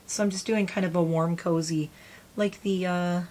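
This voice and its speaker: Brief: rambly self-deprecating woman in her forties, slightly low voice, faint room noise, casual makeup chat. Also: steady tone, normal speed, mellow. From United States. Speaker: beauty vlogger. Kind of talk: casual get-ready-with-me chat.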